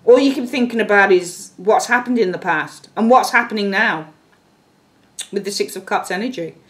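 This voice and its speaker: A woman tarot reader giving a casual, animated reading, bluntly and with the odd swear word. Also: medium pitch, moderate pace.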